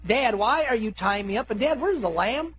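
A preacher acts out a frightened young boy who keeps pleading with his father. The voice stays high and the questions come one after another. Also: animated, moderate pace, a bit bright, a little hiss or hum.

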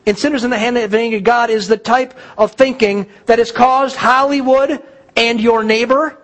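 A male pastor delivering a sermon, preaching emphatically with dramatic pauses and repetition. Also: extremely high pitch, steady tone, fairly bright tone.

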